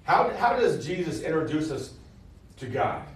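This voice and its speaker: A man's voice: on the high side, big pitch swings, normal speed, heavy reverb, distant mic, a little hiss or hum. A man teaching an informal sermon to a live audience, talking conversationally, repeating key phrases and laughing with the listeners. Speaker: preacher teaching a session.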